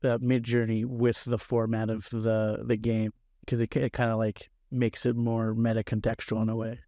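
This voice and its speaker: A man's voice: lowish voice, monotone, normal speed, mellow, dry recording, clean studio sound. A man chatting casually on a live stream, laid-back and giggly, rambling a little.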